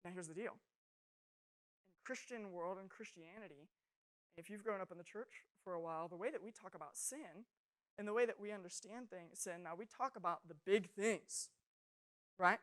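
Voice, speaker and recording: A young adult woman speaking to students in a youth sermon, telling funny stories with animated, self-mocking humor. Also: medium pitch, moderate pace, pauses often.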